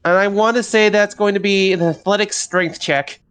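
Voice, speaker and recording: A man's voice: high voice, fairly even intonation, moderate pace, a bit bright, clear, resonant tone. A man playing a tabletop role-playing game, thinking aloud and asking about the rules. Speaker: player.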